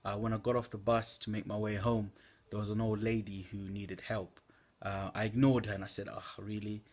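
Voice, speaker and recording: A man's voice: lowish voice, level tone, fairly quick, darkish tone. A young man giving an earnest preaching testimony from home at night, exhorting listeners with fillers. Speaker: church member giving a testimony.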